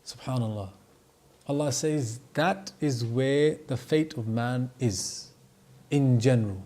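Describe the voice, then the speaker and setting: A man teaching a class, stressing key words and slowing down to drive points home. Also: mid-range voice, mellow. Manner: emphatic, stretches key words to stress them. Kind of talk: classroom lesson.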